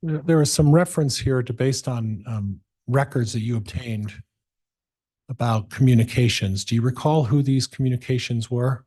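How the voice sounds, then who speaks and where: A man's voice: medium pitch, moderate pace, mellow, breathy edge. A man working as a defense attorney, methodically questioning a witness in a courtroom with some hesitations.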